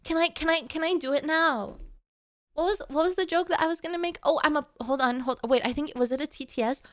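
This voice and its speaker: A woman's voice: high voice, brisk, a bit bright. A woman streamer chatting casually with her live chat, playful and melodramatic, often pleading with viewers.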